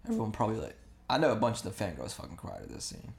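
A man's voice: fairly low pitch, huge pitch swings, very fast, creaky, darkish tone. A young man co-hosting a podcast, chatting casually through a movie, blunt and teasing with free swearing. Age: young adult. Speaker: podcast co-host. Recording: roomy echo.

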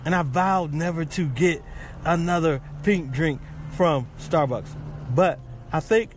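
Podcast host, male, relaxed rambling chat, unhurried, faint background hiss. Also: a little high. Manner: rambling, chatty, with fillers and restarts. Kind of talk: casual chat.

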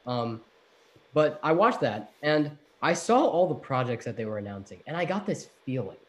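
A man co-hosts a casual podcast chat, animated and playful. His voice sits in a middle range. He often restarts his sentences mid-thought. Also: mid-range voice, normal speed. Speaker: podcast co-host.

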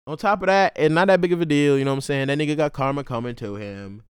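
A young man, a college student hosting a podcast, tells stories casually in slangy, profane talk. His voice is a little high and smooth, he talks fast, and the studio-quality audio has no room sound.

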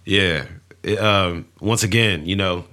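A man talking loosely on a podcast with a friend. His voice sits very low, and he swears freely, often restarting his sentences. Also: slow pace, bright, forceful tone. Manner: laid-back, profane, mumbling restarts. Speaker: podcast co-host. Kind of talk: casual chat.

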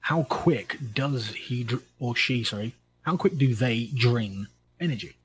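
A man's voice: medium pitch, expressive, measured pace, a bit bright, slight background noise, low-quality recording. A man co-hosting a casual podcast chat, talking through monster matchups with frequent restarts and self-corrections. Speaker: podcast co-host.

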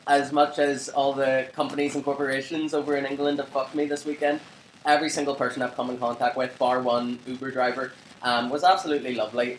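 Recorded at home in a flat with a roomy sound, faint ambience, and slight background noise, a young man with a mid-range voice co-hosts a podcast. He rambles through a long story, laughing and cursing frequently.

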